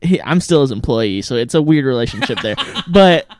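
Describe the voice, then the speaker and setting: Lively deadpan man spinning stories. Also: mid-range voice, a little fast, a crowd in the background. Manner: deadpan storyteller, spins absurd scenarios. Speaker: podcast co-host. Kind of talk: casual comedic storytelling.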